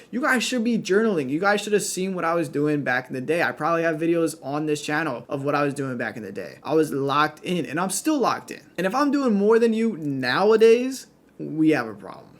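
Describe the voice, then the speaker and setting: A young man with a slightly high voice coaches traders straight to the camera. He talks bluntly and emphatically and scolds his listeners, and he keeps saying "you guys" and "right?". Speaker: trading coach.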